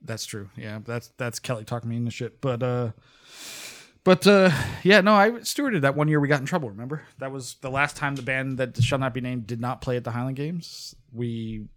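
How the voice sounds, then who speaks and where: A man chatting casually as a podcast guest, relaxed and rambling, laughing often. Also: medium pitch, a little fast. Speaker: guest and pipe band member. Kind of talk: casual chat.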